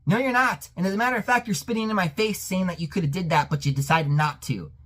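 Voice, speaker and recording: A man's voice: high voice, fairly even intonation, fast talker. Man ranting furiously in a film review. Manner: profane, exasperated ranting with sudden yelled outbursts. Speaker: movie reviewer.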